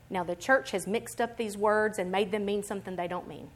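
A woman preaching a sermon in an animated, emphatic way, swinging between quiet explanation and loud, rising declarations. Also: medium pitch, brisk. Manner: acts out other people's voices in quotes.

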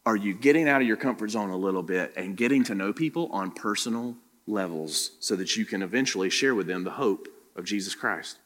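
A man's voice: fairly low pitch, fairly quick, hardly any pauses, a bit bright, in a large hall. A man preaching a sermon as pastor, pressing the congregation with direct questions. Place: church room.

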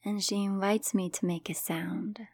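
A woman hosting a personal storytelling podcast, talking in a soft, partly whispered, reflective way. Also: medium pitch, steady tone, unhurried, creaky, no echo. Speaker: podcast host.

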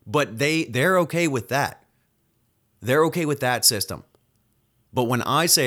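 A man's voice: mid-range voice, sing-song, a bit bright. A man who is a nurse hosting his own solo podcast, venting angrily and swearing freely as he rants about his workplace. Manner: angry, profane, rapid-fire venting.

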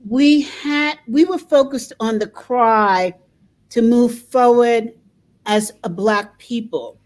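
Slow, reflective older American woman. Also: fairly high pitch. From United States. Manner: reflective, pauses and repeats words, laughs softly. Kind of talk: conversational interview.

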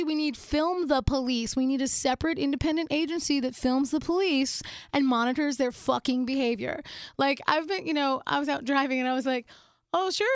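A woman comedian chatting casually, telling animated, profane stories and laughing often. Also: high voice, no room sound, studio quality. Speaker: comedian guest. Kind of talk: casual chat.

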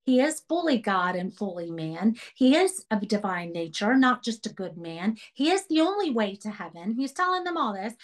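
A woman's voice: on the high side, rough recording. A woman leading a Bible study for a women's group, earnest and emphatic, repeating key phrases as she teaches. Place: church radio program.

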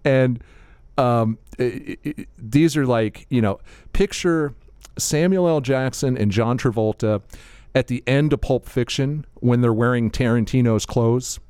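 A man's voice: medium pitch, a little slow, darkish tone, smooth, no room sound. A middle-aged man telling a story in casual chat. He laughs often as he talks.

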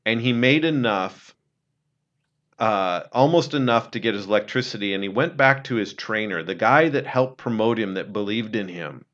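A man telling a story in an earnest, conversational way, dropping low and quiet when he quotes someone. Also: moderate pace, lo-fi sound. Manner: earnest, retells a film scene, drops low and quiet for quotes. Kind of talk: casual storytelling talk.

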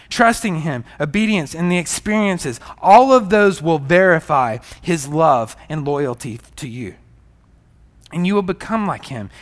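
A man's voice: fairly high pitch, fairly bright tone. A man, a pastor, preaching a sermon emphatically and repeating key phrases for weight.

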